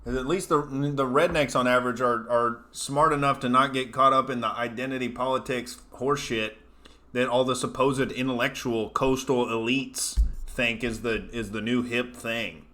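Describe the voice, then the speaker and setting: Male comedian, ranting, swearing a lot, bright tense tone, average pitch. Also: fairly even intonation, moderate pace. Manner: profane ranting, mock-incredulous outbursts. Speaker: comedian host. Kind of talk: live comedy commentary show.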